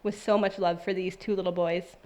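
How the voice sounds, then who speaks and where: A woman's voice: fairly low pitch, level tone, a little fast, a little mellow. A woman in her thirties at a church service, sharing a personal testimony in a conversational, heartfelt way and then reading scripture aloud. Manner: conversational and heartfelt, with many fillers.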